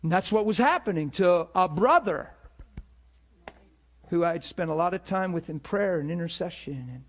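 A man preaching to a ministry school, telling a story with emphatic, animated delivery and acted-out dialogue. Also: moderate pace. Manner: animated, emphatic, acts out dialogue with rising pitch. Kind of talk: sermon storytelling.

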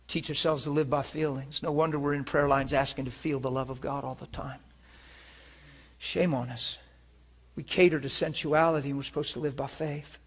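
Preacher, male, high voice, animated testimony sermon, drops to a hush then swells loud, chuckles through it. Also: normal speed, slightly rough. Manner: animated storytelling, swings between hushed and loud; chuckles often while speaking.

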